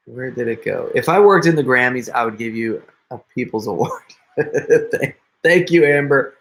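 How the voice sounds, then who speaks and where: A man's voice: mid-range voice, lively intonation, moderate pace, a bit bright. A middle-aged man chatting casually with viewers on a live stream, joking and laughing often. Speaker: prank video creator hosting a live stream.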